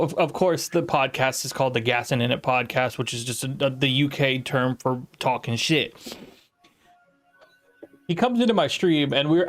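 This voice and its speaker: An American man co-hosting a podcast in casual chat, rambling and laughing often, with some swearing. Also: a little high. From United States. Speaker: podcast co-host.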